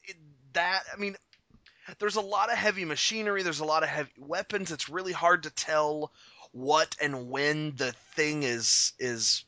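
A man co-hosting a podcast in casual chat, wry and joking, with quick asides. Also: fairly high pitch, sharp tone, no room sound. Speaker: podcast co-host.

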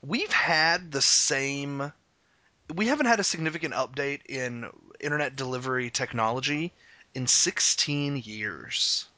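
A man from Arkansas talks in a casual podcast chat, excitable and quick to swear and laugh. His voice is bright and forceful, recorded close and dry with no room sound. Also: medium pitch, dry recording. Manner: excitable, profane, laughs often. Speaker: podcast co-host.

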